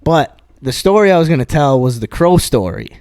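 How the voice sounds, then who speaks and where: A man's voice: on the high side, very animated, a little fast, a little mellow, smooth, no room sound, clean studio sound. A man co-hosting a podcast, retelling a stand-up bit in a casual, rambling way full of swearing and restarts. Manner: rambling, profane, many restarts and fillers. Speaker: podcast co-host.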